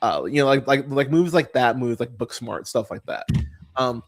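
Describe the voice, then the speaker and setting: A man hosting a casual movie podcast, rambling and swearing freely, full of fillers and restarts, and turning animated when he mocks what he saw. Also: mid-range voice, a little fast. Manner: animated when mocking characters. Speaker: podcast host. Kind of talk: casual movie review chat.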